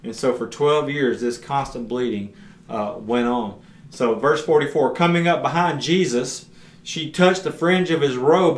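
A man's voice: mid-range voice, unhurried. A man teaching a Bible passage on his podcast. He retells scripture earnestly in plain everyday words. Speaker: podcast preacher. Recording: roomy echo.

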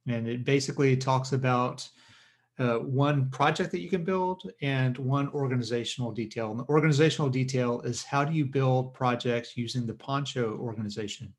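A man co-hosting a podcast gives a brief update in a matter-of-fact way. His voice sits at a medium pitch. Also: moderate pace. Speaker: podcast co-host. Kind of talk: casual podcast chat.

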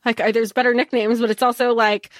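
A woman's voice: on the high side, level tone, fast talker, dry recording, studio quality. A woman co-hosting a podcast, chatting casually about a book, rambling and hedging with many fillers and restarts. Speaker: podcast co-host. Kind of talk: casual book-review chat.

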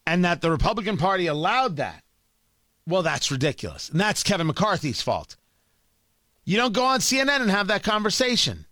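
A man delivers political commentary in a bright, high-pitched voice that swings widely in pitch. He scolds and sounds exasperated, with hard emphasis. The sound is dry and close to the mic. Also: big pitch swings, normal speed, no echo.

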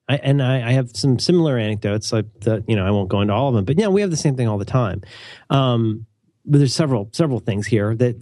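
A male podcast host in casual chat, jokey and animated. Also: mid-range voice, no echo, studio quality.

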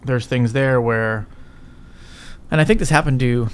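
Unhurried and mid-pitched, the guest entrepreneur, a middle-aged man, chats through a business interview against slight background noise. He wanders from point to point, curses a lot, and keeps asking "right?".

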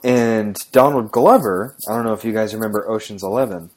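Man, podcast host, low voice, animated ranting delivery, casual swearing. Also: fairly quick. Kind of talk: casual chat.

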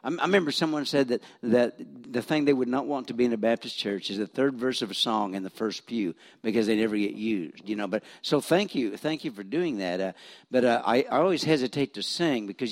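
A retired Missouri pastor in his seventies preaches a folksy, story-driven sermon in church, poking fun at himself and often restarting his sentences. His mid-range voice moves with lively intonation at a fairly quick clip.

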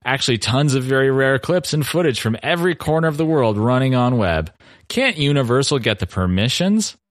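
A man gives a stilted, robotic reading as a grumbling old male fan writing an online review. His mid-range voice is animated and fairly quick, pitched above his own natural voice yet close to an everyday one. The recording is dry and studio quality.

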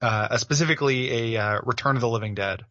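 A man's voice: medium pitch, fast talker, a bit bright, no echo, dull audio. A man co-hosting a podcast, chatting casually about a video game with lots of filler words. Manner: rambling, full of filler words. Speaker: podcast co-host.

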